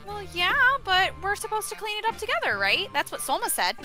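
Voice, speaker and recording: A woman's voice: very high voice, sing-song, fairly quick, bright, forceful tone, faint music behind. A woman playing a tabletop game, asking earnest, puzzled questions in character. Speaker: player. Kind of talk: in-character tabletop role-play.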